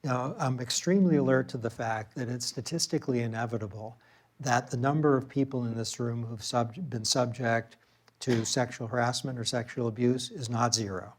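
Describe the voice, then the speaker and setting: Man, public lecture, conversational, average pitch, lecture room. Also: steady tone, moderate pace. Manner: conversational storytelling, with filler words and restarts.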